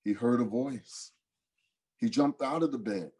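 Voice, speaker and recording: A man reading folk tales aloud in a dramatic, expressive storytelling manner. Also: mid-range voice, a little slow, breathy edge.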